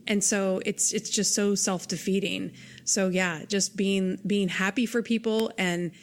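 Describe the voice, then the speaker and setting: A woman's voice: medium pitch, steady tone, measured pace, a little hiss or hum. A woman hosting a podcast, talking earnestly and from the heart in casual interview chat, often restarting her sentences. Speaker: podcast host.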